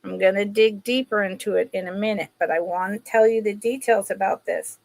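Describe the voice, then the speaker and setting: A woman's voice: mid-range voice, fairly even intonation, brisk, gravelly. A woman hosting a casual live-stream sale, chatting with viewers by name while she shows pieces. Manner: chatty, greets viewers by name, talks while handling items.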